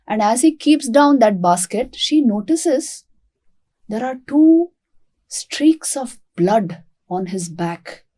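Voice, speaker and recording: Calm woman telling a parable. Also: on the high side, slow pace. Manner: calm, expressive storytelling. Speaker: monastic spiritual teacher. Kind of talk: spiritual lecture with storytelling.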